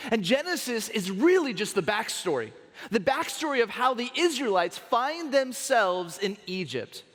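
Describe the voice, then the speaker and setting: A man preaching a sermon as a pastor, telling stories with an animated delivery and dramatic pauses, in a large church auditorium. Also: sits high. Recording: long hall reverb.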